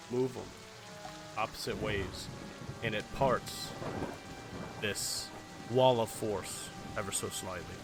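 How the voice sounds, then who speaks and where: A man running a tabletop game as game master, narrating in a loose, casual way with lots of fillers and swearing. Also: medium pitch. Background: faint fantasy music and rain.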